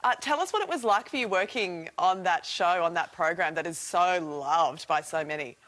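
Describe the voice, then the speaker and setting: A woman's voice: lowish voice, animated, moderate pace, fairly bright tone. Australian woman, TV host, chirpy, laughing along. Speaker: TV show host. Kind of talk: live TV interview.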